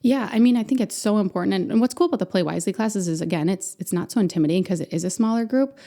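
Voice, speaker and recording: A woman's voice: mid-range voice, racing, creaky, warm tone. A woman in her thirties, a podcast guest, speaking earnestly and candidly in a conversational interview. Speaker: podcast guest, center founder.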